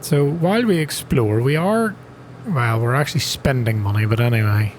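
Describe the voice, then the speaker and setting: A man talks casually through a farming game at an ordinary, mid-range pitch. He is chatty and self-mocking, and he breaks into sharp gasps when something surprises him. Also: moderate pace, slight background noise. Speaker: gaming channel host. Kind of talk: casual gameplay commentary.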